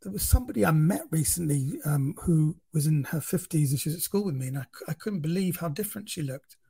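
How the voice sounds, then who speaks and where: London guy in his 50s, comic, kinda husky and a bit high, tells stories with lots of restarts. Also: quick pace. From central London. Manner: animated storytelling with many restarts. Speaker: comedian guest. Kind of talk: casual chat.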